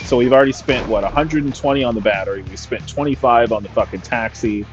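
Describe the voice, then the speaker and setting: A man's voice: mid-range voice, fast. A man from California telling a story casually and profanely, with wry asides, over gameplay. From Sacramento, California. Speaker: gaming storyteller. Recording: dull audio with faint background music.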